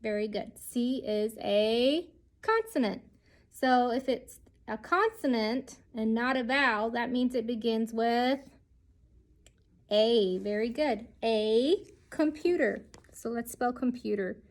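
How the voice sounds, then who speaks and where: A woman's voice: on the high side, takes it slowly. A woman teaching a children's lesson, speaking patiently and sounding out each letter.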